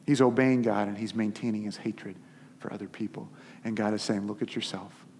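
A man preaching a sermon as a pastor, telling the story in an animated, conversational way. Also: on the low side, brisk, slight background noise. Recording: long hall reverb.

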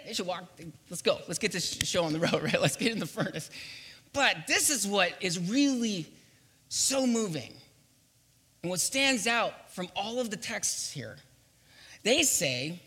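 A man preaching a sermon as pastor, playful and animated, acting out quotes and laughing as he goes. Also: high-pitched, unhurried, breathy edge, big-room sound.

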